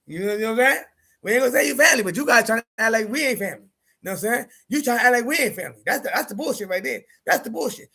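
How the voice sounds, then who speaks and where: Man, high voice, gravelly, husky, casual livestream talk, emphatic and repetitive. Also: animated, very fast, bright, forceful tone. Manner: repetitive, emphatic, conversational with slang. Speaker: streamer host.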